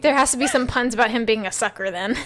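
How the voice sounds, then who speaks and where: Podcast co-host, woman, higher pitch, laughing and candid. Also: quick pace, a crowd in the background. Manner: chatty, laughing, frank. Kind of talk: casual chat. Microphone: podcast microphone.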